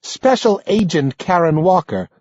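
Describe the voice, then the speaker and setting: A man's voice: high voice, lively intonation, a little slow, a little mellow, no echo, lo-fi sound, voice pushed up. A man voicing a firm female federal agent who speaks in short, clipped phrases.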